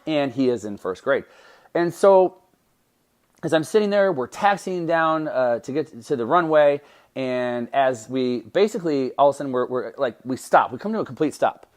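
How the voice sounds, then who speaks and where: A man in his thirties tells a personal story on his podcast. He talks at an ordinary middle pitch and keeps his delivery animated. He often breaks off, starts his sentences over and laughs between thoughts. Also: moderate pace. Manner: animated, self-interrupting storytelling with restarts and laughs. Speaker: podcast host.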